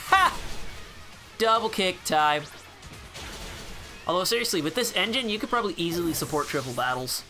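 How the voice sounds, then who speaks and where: A man's voice: high voice, expressive, normal speed, pauses often, bright, forceful tone, faint music behind. A man giving casual, sarcastic gameplay commentary, swearing freely. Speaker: gameplay channel host.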